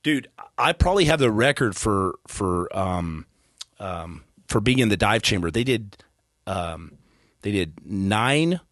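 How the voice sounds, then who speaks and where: A man in his thirties with a low voice recounts his story as a podcast guest, earnest and animated, often stumbling and restarting mid-sentence. The sound is dry and close, with no room around it. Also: unhurried, no echo. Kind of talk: casual storytelling. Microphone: studio podcast mic.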